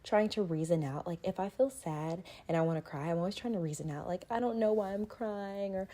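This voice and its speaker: A woman's voice: mid-range voice, dark tone. A young woman vlogger in a casual sit-down chat, talking candidly and loosely with lots of "like" and "um". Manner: chatty, frequent "like" and "um", candid.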